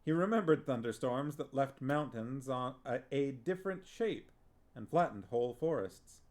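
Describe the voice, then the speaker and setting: A man reading a novel aloud on a stream in a measured, deliberate way, occasionally reading out and answering viewer comments. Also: medium pitch, expressive, darkish tone.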